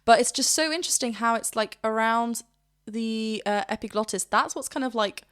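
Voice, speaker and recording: A woman vocal coach reacting to a song, gushing and rambling with quick restarts. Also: a little high, fairly bright tone, smooth. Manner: breaks into short sung demonstrations. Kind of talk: reaction commentary.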